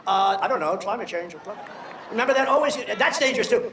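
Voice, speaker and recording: A man's voice: very high voice, lively intonation, fast, reverberant, a crowd in the background, background noise. An older man giving a rambling, boastful speech, telling stories and mocking people.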